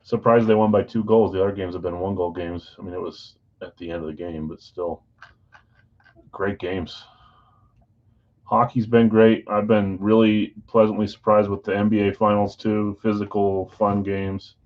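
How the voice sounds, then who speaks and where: A man hosting a live sports card break stream, chatting casually with viewers and reading out team assignments in a relaxed way. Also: lowish voice, moderate pace, highs cut off. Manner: relaxed, chatty, talks straight to viewers by name.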